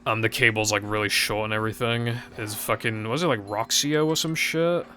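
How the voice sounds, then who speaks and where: A man's voice: lowish voice, fairly even intonation, a little fast, pushed and bright, soft background music. A young man chatting casually to his stream viewers, rambling and hesitant with frequent fillers and casual swearing.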